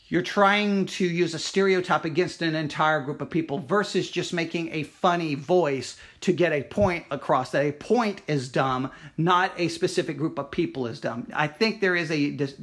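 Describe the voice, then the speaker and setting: A man's voice: fairly high pitch, fairly bright tone. A man from Texas hosting a Christian talk program, speaking in a casual, rambling monologue with frequent restarts and fillers. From Texas, USA.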